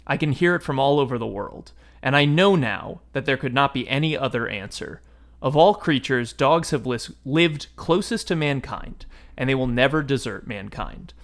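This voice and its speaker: A man voicing a lonely, noble ancient male star-dog while reading a book passage aloud in a measured, grave way. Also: mid-range voice, animated, natural voice.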